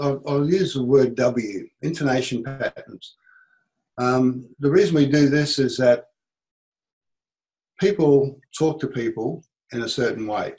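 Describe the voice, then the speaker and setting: A middle-aged Australian man, a business coach, teaching a seminar and acting out quoted speech in an animated way. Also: mid-range voice, poor audio.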